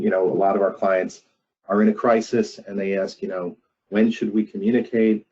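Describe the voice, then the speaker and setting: A man presenting a webinar on crisis communication, measured and emphatic, often pausing with "um". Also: sits low, a little mellow, breathy edge, dull audio. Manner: measured, frequent "um" fillers, emphatic repetition.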